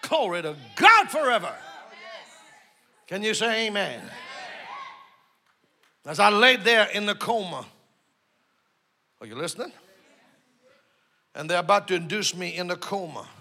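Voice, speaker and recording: A man preaching a sermon who shouts call-and-response lines to the congregation, then drops to a quiet storytelling tone. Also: high voice, sing-song, unhurried, gravelly, pauses often. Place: church service.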